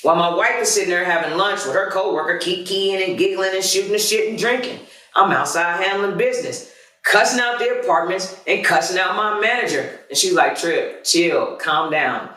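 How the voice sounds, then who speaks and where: A man's voice: high voice, brisk, sharp tone. A man hosting a podcast, telling a personal story in a candid, profane and self-critical way. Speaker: podcast host. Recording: very echoey room, far from the mic.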